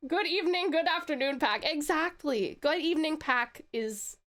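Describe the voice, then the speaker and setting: Aussie lady streamer, playful and teasing, high voice that bounces all over. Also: takes it slowly. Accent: Australian. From Tasmania, Australia. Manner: playful, teasing, bursts of excited squeals. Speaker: VTuber streamer. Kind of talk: casual live-stream chat.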